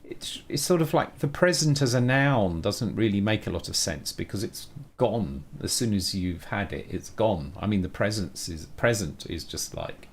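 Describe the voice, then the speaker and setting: A man chatting with his viewers on a live stream as he works, drifting into musings and wordplay. His pitch rises and falls a lot as he talks. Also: lively intonation, normal speed, hardly any pauses. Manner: musing, wordplay-loving, talks to chat by name. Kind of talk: casual live-stream chat while coding.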